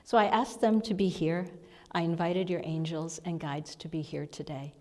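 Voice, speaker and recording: A woman giving a chatty, meandering spiritual talk to a congregation, now and then dropping to a hushed whisper, recorded in a spiritual center hall. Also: on the low side, moderate pace. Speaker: spiritual speaker and sound healer. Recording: long hall reverb.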